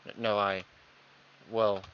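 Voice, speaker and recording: A man's voice: lowish voice, level tone, slow pace, slight background noise. A man reading visual novel dialogue aloud, voicing every character himself and acting out the stammers. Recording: dull lo-fi recording.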